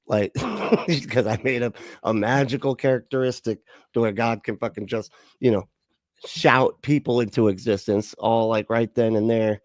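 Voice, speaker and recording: A man's voice: mid-range voice, unhurried, no echo. A man hosting a livestream, chatting casually, swearing, laughing and rambling with fillers. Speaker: livestream host.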